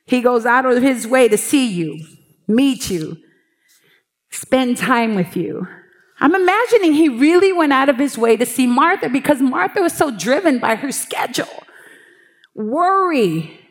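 A woman preaching a sermon from the pulpit, telling lively stories and acting out her own prayers and God's replies. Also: high voice, a little slow, in a large hall. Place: church pulpit.

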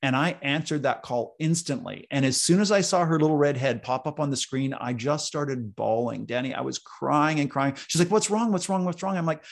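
A man's voice: medium pitch, normal speed, gravelly, hardly any pauses. A man who works as an executive coach, a guest on a podcast, talking casually and earnestly, telling stories with emphatic repetition. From North America, East Coast.

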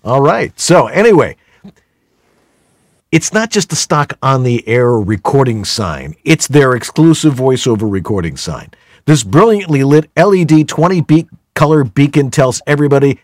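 A man's voice: mid-range voice, moderate pace, no room sound, clean studio sound. A man hosting a voiceover podcast, jokey and playful, reading questions and plugging gear. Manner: jokey, animated, playful asides. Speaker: podcast host. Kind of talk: podcast hosting, product plug.

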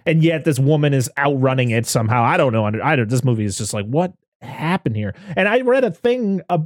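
A man's voice: medium pitch, big pitch swings, fairly quick, no room sound. Man, podcast host, loose rambling film chat, dry close sound. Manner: rambling, laughs often. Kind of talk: casual film review chat.

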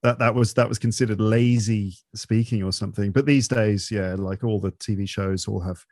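Middle-aged male podcast host; relaxed explainer, low-pitched, dry close sound. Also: normal speed, dry recording. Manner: chatty, explanatory, with restarts. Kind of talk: casual interview chat.

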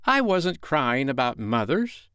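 A man doing a cocky young boy, boastful and sharp, pitched high, storybook reading. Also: huge pitch swings, takes it slowly, dry recording, studio quality, exaggerated voice. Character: cocky proud young boy who never grows up. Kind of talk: storybook character voice.

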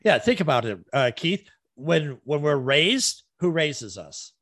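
A man's voice: a little high, very animated, unhurried, a bit bright, no room sound. A man hosting a talk show, giving earnest, instructive advice in conversation.

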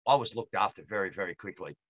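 A man's voice: deep voice, fast, no echo. Blunt Australian man telling a yarn. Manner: blunt, colloquial, animated anecdotes. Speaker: guest. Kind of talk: casual storytelling.

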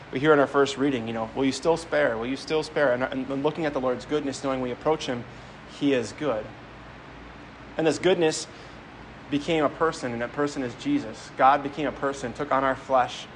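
A man's voice: mid-range voice, a little hiss or hum, poor audio. A man preaching a homily as a priest, speaking conversationally, telling stories and often repeating words as he goes. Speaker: Catholic priest.

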